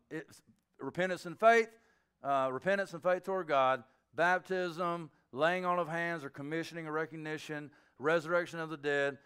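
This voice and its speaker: Smooth and slightly high-pitched, a middle-aged male pastor gives a sermon in a relaxed style. He shares stories conversationally, with sudden outbursts of excitement.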